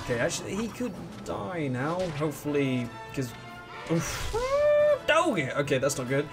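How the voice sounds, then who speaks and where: A fairly high-voiced man hosts a let's play, talking through the game in a loose, rambling way. He is excitable, trips over his own sentences and hums little tunes as he goes. Faint game music plays under his voice. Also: normal speed. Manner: rambling and excitable, restarts often, hums along. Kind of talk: casual gameplay commentary.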